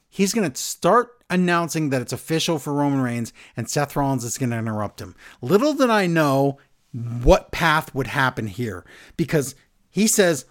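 A man co-hosting a podcast, recapping a wrestling show in casual, animated chat from his notes. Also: mid-range voice, moderate pace. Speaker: podcast co-host.

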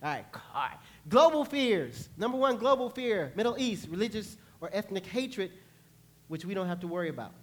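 Playful animated preacher man. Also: sits high, moderate pace. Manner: animated, playful, acts out voices and laughs with the congregation. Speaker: pastor. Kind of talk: sermon. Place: church sanctuary.

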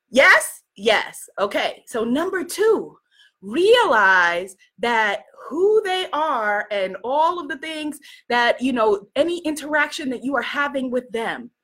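A woman from New York giving a casual motivational talk to a live audience, animated and laughing often, greeting viewers by name. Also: a little high. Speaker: livestream host.

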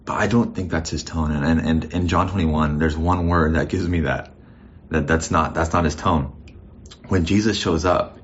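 Man, pastor, sermon, very low voice, conversational, reflective, restarts often, muffled lo-fi recording. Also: steady tone, normal speed, a little hiss or hum.

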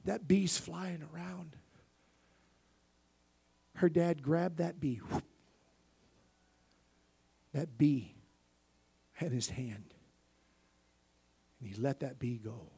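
A male pastor preaching a sermon, swinging between loud bursts and soft near-whispers and calling for amens. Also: fairly high pitch, extremely slow, creaky, long pauses, husky.

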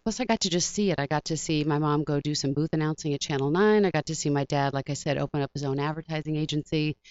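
A woman from the Washington, D.C. area, an actress appearing as a guest, rambles through a casual interview chat and acts out her own quotes. Her voice is deep and clean, with no echo, though the highs are cut off.

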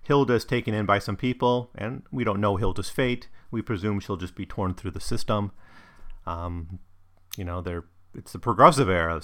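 A man talking through a novel chapter by chapter in a relaxed, conversational way. He pauses often with ums and restarts his sentences as he thinks. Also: on the low side. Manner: thoughtful, with frequent ums and restarts. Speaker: book reviewer. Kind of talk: casual book discussion and reading aloud.

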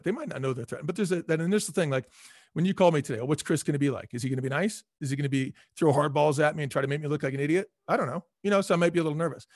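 A man speaking as a guest in a casual interview, telling stories with lively acted-out dialogue. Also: a little high, no room sound, clean studio sound. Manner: animated storyteller, acts out quoted dialogue. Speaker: former restaurant chain CEO, guest.

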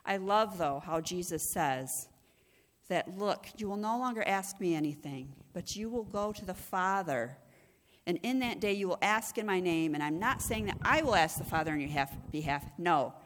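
Woman, middle-aged, sermon, earnest conversational delivery, lowish voice, reverberant hall. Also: lively intonation, normal speed. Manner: earnest, conversational, with frequent restarts and rhetorical "right?". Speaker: executive director and preacher.

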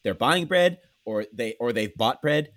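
A Canadian man chatting casually as a podcast co-host, telling animated stories with swearing and acted-out voices. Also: mid-range voice, measured pace. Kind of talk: casual chat.

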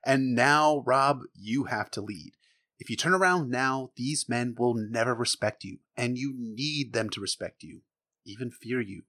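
A man's voice: mid-range voice, unhurried. A man hosting a podcast, recapping a book chapter in a casual, joking, sarcastic way, swearing and acting out the characters' lines. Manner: lively, sarcastic, swears freely, acts out quotes. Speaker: podcast host.

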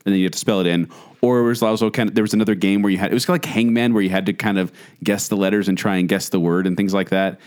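A man co-hosting a podcast, chatting casually and telling animated stories about childhood toys. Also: low-pitched, very fast. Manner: animated storyteller, mimics a robotic toy voice. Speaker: podcast co-host. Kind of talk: casual chat.

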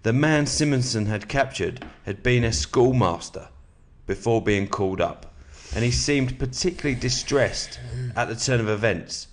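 A man with a slightly sore throat, hosting a podcast in a relaxed, matey way and reading aloud from a book at an even, measured pace. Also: mid-range voice. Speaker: podcast host.

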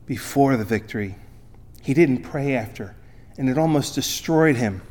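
A pastor preaching a sermon, emphatic, his voice swinging between loud and quiet. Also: medium pitch.

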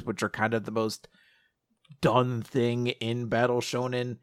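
A man's voice: mid-range voice, moderate pace, fairly bright tone, no room sound, clean studio sound. A man casually recapping a manga with a co-host, sarcastic and often laughing, sometimes acting out lines. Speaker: podcast co-host.

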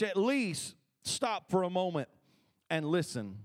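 A man's voice: sits high, very animated, measured pace. A man preaching a sermon as pastor, talking conversationally and calling for responses from the congregation. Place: church sanctuary.

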